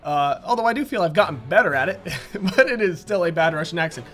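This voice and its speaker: A man's voice: on the high side, lively intonation, quick pace, a bit bright. A man giving casual, rambling gameplay commentary, often correcting himself mid-sentence. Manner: rambling, self-correcting, chatty.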